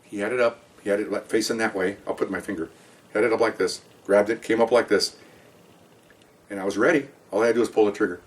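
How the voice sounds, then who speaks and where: A man's voice: lowish voice, fast talker. A man, a veteran police officer, telling a story from his career in a rambling way and acting out the quotes. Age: older. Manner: rambling, animated retelling with acted-out quotes. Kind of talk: casual storytelling. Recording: voice a bit far from the mic.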